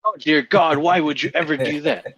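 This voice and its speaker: A man's voice: on the high side, normal speed, fairly bright tone, breathy edge, dry recording. A man co-hosting a podcast, cutting in with skeptical, teasing quips during a friend's story. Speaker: podcast co-host. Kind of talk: casual chat, interjecting. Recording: dull dry lo-fi mic.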